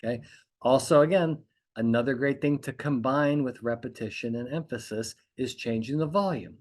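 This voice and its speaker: A man's voice: mid-range voice, moderate pace. A man hosting a podcast, coaching lawyers on courtroom speaking in an emphatic monologue. He repeats his points and keeps checking in with "okay?". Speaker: trial consultant podcast host.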